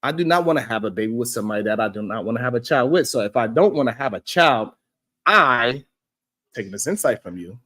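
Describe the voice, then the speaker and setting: A man hosting a talk show, reacting to clips in loose, animated commentary, laughing and repeating himself for emphasis. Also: medium pitch, fast talker. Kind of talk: casual commentary. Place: studio.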